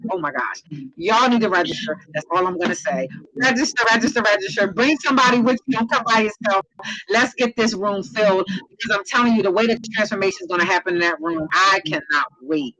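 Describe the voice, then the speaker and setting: A woman host with a bright, sharp-edged voice, gushing enthusiastically and circling back to the same phrases again and again. She talks like someone wrapping up a live stream for her followers. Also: medium pitch, poor audio. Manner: effusive, repeating phrases like "I'm telling you" and "excited". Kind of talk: hosting an online interview.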